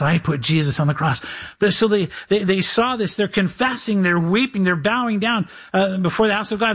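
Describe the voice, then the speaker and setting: A man's voice: high-pitched, a bit bright. A man preaching as a pastor, reading scripture aloud and acting out imagined listeners. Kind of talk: sermon.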